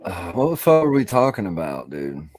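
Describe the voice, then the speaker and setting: A man's voice: low voice, big pitch swings, normal speed, a little mellow, no echo, poor audio. A stoned man from Alabama, rambling and swearing through a casual podcast chat. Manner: rambling, profane, laid-back storytelling. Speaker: podcast co-host.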